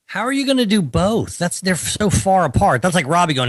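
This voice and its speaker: A man's voice: high-pitched, fairly quick, no echo. A man, co-hosting a casual podcast, telling stories with wry teasing. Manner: animated storytelling, wry teasing. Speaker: co-host.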